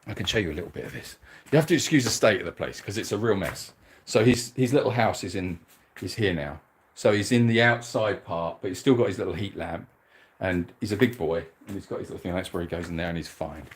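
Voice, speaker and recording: A man's voice: low-pitched, fast, breathy edge. A man hosting a casual live stream from home, chatting and reading out viewer comments in a rambling way. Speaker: animal sanctuary host reading live comments. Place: at home, moving about the house.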